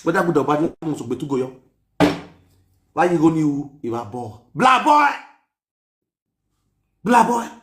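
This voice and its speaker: A man giving a scolding, mocking rant that mixes Pidgin and Yoruba, often shouting. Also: fairly high pitch, moderate pace, long pauses, roomy sound, background noise. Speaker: commentator. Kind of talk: ranting commentary.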